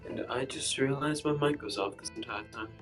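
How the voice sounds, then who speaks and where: A man's voice: medium pitch, fairly quick, fairly bright tone, faint music behind. A man playing in a tabletop game session, chatty and full of questions. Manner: chatty, asks lots of questions. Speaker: player. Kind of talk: casual tabletop game chat. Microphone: desk mic on a voice call.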